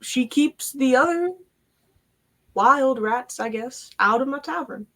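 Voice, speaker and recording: A woman's voice: high voice, lively intonation, bright, forceful tone, pitched above the performer's own voice, full character voice. Fussy male tavern-keeper creature, apologetic and chatty, as a woman puts him on. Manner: hissing, fussing, quick to apologize.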